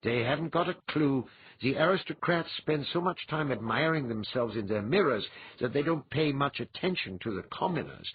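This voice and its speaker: A man voicing a wry, confident man with dry humor and a husky sound. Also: medium pitch, animated, normal speed, no room sound, muffled recording, voice pushed up.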